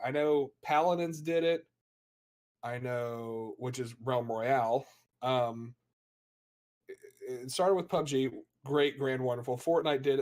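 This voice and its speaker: An American man from Florida, co-hosting a casual gaming podcast and talking in an animated, rambling way with frequent laughs. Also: medium pitch. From United States (Florida). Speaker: podcast co-host and streamer.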